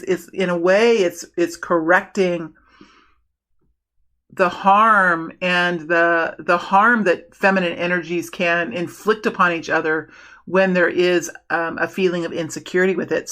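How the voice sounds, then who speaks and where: A woman giving a casual tarot reading, animated and prone to excited bursts, often restarting her sentences. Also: on the low side. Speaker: tarot reader.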